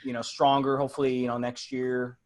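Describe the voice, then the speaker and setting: A man's voice: mid-range voice, completely flat delivery, a little fast. Laid-back guy on a podcast, friendly pep talk to listeners. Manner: easygoing, encouraging, laughs often. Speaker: podcast co-host. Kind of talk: casual chat.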